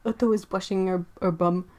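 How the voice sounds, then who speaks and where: A woman's voice: mid-range voice, fairly even intonation, measured pace, a little mellow. A woman hosting an art livestream from a home studio, chatting casually and apologetically while she paints, often breaking into giggles.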